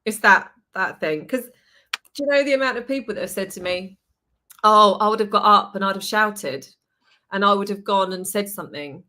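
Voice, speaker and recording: A woman hosting a podcast, telling a story in a lively, chatty way, swearing and acting out what people said. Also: mid-range voice, normal speed, slight background noise. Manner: animated storytelling, swears, acts out quotes. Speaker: podcast host. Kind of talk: casual chat.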